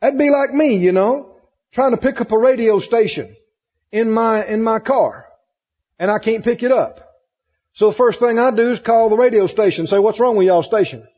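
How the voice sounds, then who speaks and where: Emphatic high-voiced preacher in a reverberant hall. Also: male voice, moderate pace, a little mellow. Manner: emphatic, repetitive, asks the congregation questions. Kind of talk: sermon. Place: church hall with congregation. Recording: muffled recording in a hall with long reverb.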